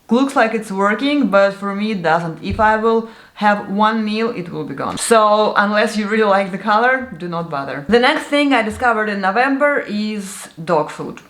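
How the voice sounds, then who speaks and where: Woman vlogging, chatty and candid, mid pitch, roomy echo. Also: a bit bright. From Siberia. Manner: chatty, candid, laughs often. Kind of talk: casual product review chat. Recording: echoey room.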